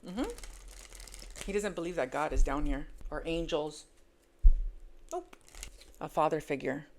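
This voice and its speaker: A woman reading tarot cards in a casual, emphatic monologue. She repeats words for stress and swings between hushed asides and loud exclamations. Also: deep voice, a little slow, a little hiss or hum. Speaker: tarot reader.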